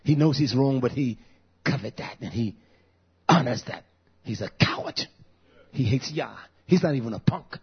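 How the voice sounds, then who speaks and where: A man in his fifties preaching a fiery sermon, dropping to low growls and rising to shouts. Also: expressive, moderate pace, long pauses, husky, dull audio. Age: 50s.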